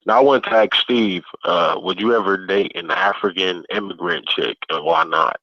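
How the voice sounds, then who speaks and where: A man's voice: low-pitched, normal speed, dry recording. Blunt male caller on a muffled line. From Michigan.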